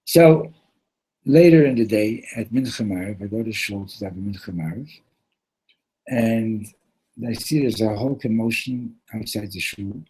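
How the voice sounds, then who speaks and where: A man at a yeshiva gathering retelling a Hasidic story in a heartfelt, animated way, mixing in Yiddish and Hebrew words. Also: on the low side, normal speed, husky, poor audio.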